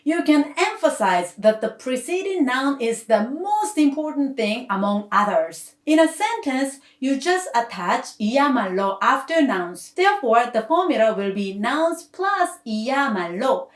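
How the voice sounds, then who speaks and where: Lively, patient woman language teacher. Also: high-pitched, normal speed, few pauses. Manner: clear, patient explanation with lively intonation. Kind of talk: scripted grammar lesson. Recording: echoey room.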